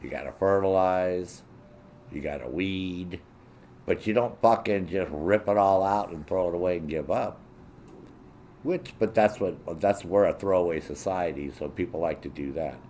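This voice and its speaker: A man's voice: low voice, moderate pace, darkish tone, a little hiss or hum. A man hosting his own show, delivering a blunt, profane rant and mimicking other people in a raised voice. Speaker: show host. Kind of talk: profane ranting monologue.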